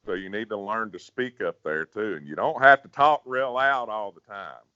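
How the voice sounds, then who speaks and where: A very low-pitched man talks through singing advice in a folksy, conversational way, repeating words as he goes. The sound is dry and a little dull. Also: normal speed, pushed and bright, dry recording. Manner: folksy, repeats words, drops to a growl to demonstrate. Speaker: professional bass singer, guest. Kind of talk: casual interview, giving singing advice.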